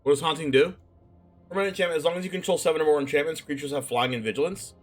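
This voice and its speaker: A man streaming casually as he builds a card-game deck, reading card text aloud and thinking out loud in a chatty way. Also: fairly high pitch, rapid-fire, soft background music. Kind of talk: casual live-stream commentary.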